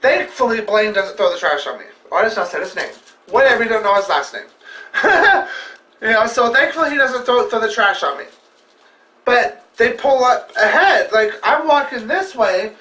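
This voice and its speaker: Man, vlogger, casual storytelling, profane and emphatic, sharp bright tone, distant mic in an echoey room. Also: very high voice. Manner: heavily profane, emphatic, rambling.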